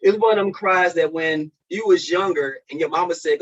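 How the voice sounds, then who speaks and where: A man sharing a personal testimony as a speaker at a men's conference, swinging from loud peaks to hushed lows. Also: normal speed. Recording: dull lo-fi recording.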